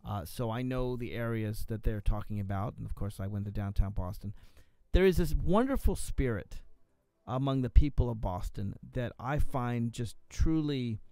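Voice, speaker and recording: Hesitant radio talk host, smooth dry voice. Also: male voice, mid-range voice, lively intonation, normal speed, mellow, dry recording. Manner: rambling, hesitant with many fillers and restarts. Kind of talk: solo radio talk monologue. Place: radio studio. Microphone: studio microphone.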